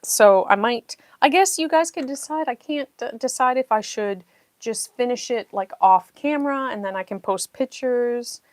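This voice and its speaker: A woman's voice: on the high side, moderate pace, no echo. Chatty woman hosting a puzzle livestream. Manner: chatty and effusive, thanking viewers warmly. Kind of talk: casual livestream chat while doing a jigsaw.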